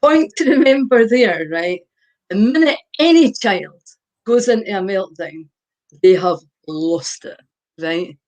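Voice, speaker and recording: An older woman speaks as a guest expert on a podcast, driving her advice home with emphatic repetition. Her voice sits in a middle pitch and she keeps checking in with her listener as she explains. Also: animated, slow, darkish tone. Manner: emphatic, repeats points with a tag question. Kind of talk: advice-giving podcast chat.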